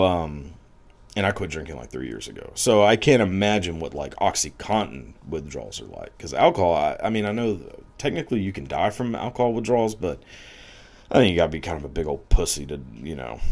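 Deep-voiced man rambling crudely. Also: gravelly. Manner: rambling, heavy filler words, crude jokes. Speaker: commentator. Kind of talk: casual profane commentary.

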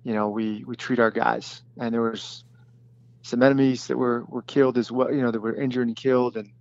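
Man slowly recounting a combat story. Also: mid-range voice, little pitch movement, darkish tone, dull audio. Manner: plain, halting storytelling with many fillers and restarts. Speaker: former special forces detachment commander.

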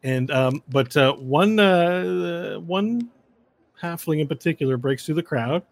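A man narrating a tabletop game as game master, telling the story slowly and dramatically. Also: fairly high pitch, expressive, creaky, no room sound.

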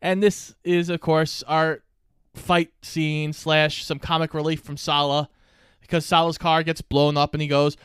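A man co-hosting a podcast, casually recapping a movie's plot and tossing in quick quoted lines. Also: a little high, little pitch movement, a bit bright, clean tone, dry recording, studio quality. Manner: recaps plot, quoting lines in offhand voices. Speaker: podcast co-host.

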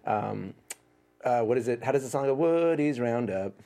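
Gravelly man joking around on a talk show. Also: medium pitch, fairly even intonation, dark tone. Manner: jokey, tries quick impressions. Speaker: co-host. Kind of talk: casual chat.

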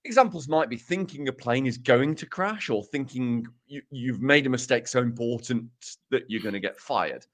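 Man, podcast co-host, lively swooping intonation, wry self-mocking humour, casual chat. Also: mid-range voice, normal speed, hardly any pauses. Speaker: podcast co-host presenting research.

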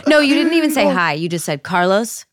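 A woman's voice: on the low side, sing-song, fast, no echo, studio quality. Woman playfully retelling a story. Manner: playful retelling with quoted lines. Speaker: podcast guest. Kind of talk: casual chat.

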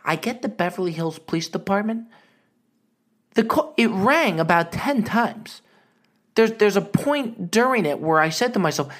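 A man's voice: high-pitched, measured pace, long pauses, a bit bright. A man co-hosting a comedy podcast, telling a rambling, joking story in casual chat. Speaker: podcast co-host.

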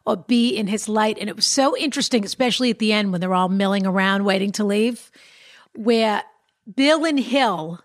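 A woman's voice: medium pitch, moderate pace, no room sound, clean studio sound. A woman co-hosting a casual chat, emphatic and gossipy with strong opinions.

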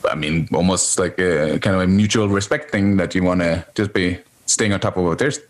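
A man's voice: sits low, fairly quick. A man guesting on a podcast, chatting casually in a rambling, self-correcting way and laughing often. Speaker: podcast guest, spouse of a host. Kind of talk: casual chat.

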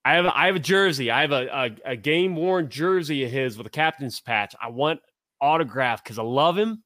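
A man's voice: a little high, brisk, bright, forceful tone, no room sound, clean studio sound. A man from Tennessee and Ohio, co-hosting a casual sports chat, rambling through long stories and often stopping to restart. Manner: rambling, storytelling, self-interrupting. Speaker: podcast co-host.

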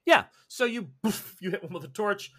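A man's voice: high-pitched, moderate pace, breathy edge. A man narrating a tabletop role-playing game as game master. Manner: animated, lively narration.

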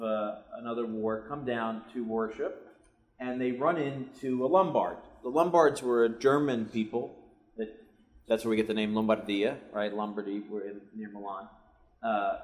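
A man giving a live history lecture, telling it as a story with casual asides to the audience. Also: mid-range voice. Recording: echoey room recording.

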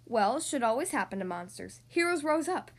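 A woman voicing a grumpy older male building superintendent in a read-aloud storybook, gruff and grumbling. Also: very high voice, big pitch swings, a little fast, a bit bright, heavily acted. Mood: solemn.

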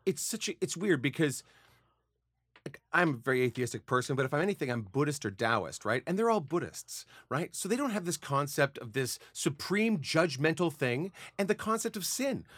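A man holds forth about a film in a loose, argumentative way, slipping into quick impressions of characters. His voice sits a little high and swings widely in pitch. The sound is dry and close. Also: no room sound. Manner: animated, argumentative, mimics characters mid-sentence. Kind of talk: casual movie discussion.

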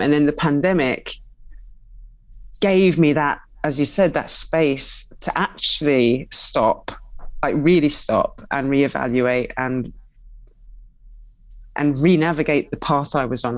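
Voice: medium pitch, takes it slowly, dry recording. Chatty guest, dry sound. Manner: expressive, chatty, full of "like" and asides. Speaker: guest, writer and cook. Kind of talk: candid conversational interview.

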